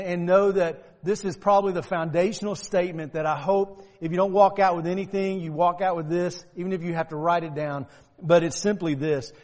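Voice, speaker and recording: A man preaching a sermon to his church, talking conversationally and rising to emphatic shouts. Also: high voice, big-room sound. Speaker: pastor. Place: church sanctuary.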